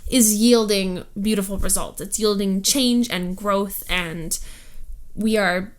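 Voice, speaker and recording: A woman's voice: mid-range voice, steady tone, slow pace. A woman co-hosting a casual podcast with her husband, earnest and reassuring, laughing often. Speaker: podcast co-host. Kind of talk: casual chat.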